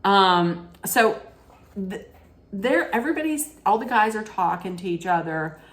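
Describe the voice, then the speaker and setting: A woman's voice: medium pitch, animated, a little slow, fairly bright tone. A woman giving a chatty, opinionated, rambling rant-style recap of a reality TV episode.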